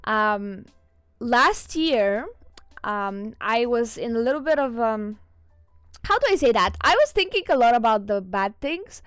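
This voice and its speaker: A woman with a non-native English accent chats casually on a stream, answering her viewers. Her fairly high voice often breaks into giggles. Faint music plays behind her. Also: expressive, unhurried, a bit bright, clear, resonant tone, dry recording, studio quality. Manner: giggly, chatty, reads chat aloud.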